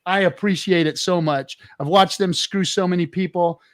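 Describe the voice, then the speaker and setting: A male host of a live crypto chat, excitable and profane, fired up as he talks. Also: high voice, normal speed. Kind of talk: casual livestream chat.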